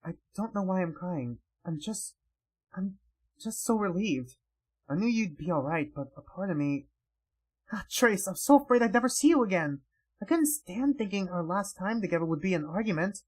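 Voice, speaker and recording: A man voicing a tender, tiger-like young woman in a soft, tearful read of a webcomic. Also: fairly high pitch, lively intonation, normal speed, hardly any pauses, husky.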